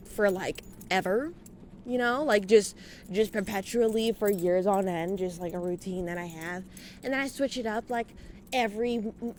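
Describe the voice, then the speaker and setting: A woman's voice: a little high, darkish tone, a little hiss or hum. A young woman vlogging as she walks outdoors at night, talking in a casual, rambling way, swearing freely and a bit out of breath. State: out of breath from walking. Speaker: vlogger and podcaster. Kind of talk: rambling personal monologue.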